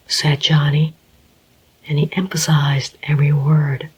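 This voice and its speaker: Slow, hushed whispered role-play narrator. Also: mid-range voice, slightly rough. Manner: slow, even, hushed reading. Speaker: audiobook narrator. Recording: dull lo-fi recording.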